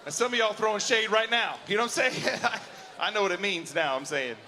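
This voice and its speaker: A man in his forties doing a stand-up set in a large hall, his high, bright voice trailing a long reverb. He talks in a chatty, self-mocking way and keeps checking in with the crowd. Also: animated, brisk, slight background noise. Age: 40s. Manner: chatty, self-mocking, keeps asking the crowd "you know what I'm saying?". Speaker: stand-up comedian. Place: large auditorium at a live show. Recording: hall reverb from a live venue.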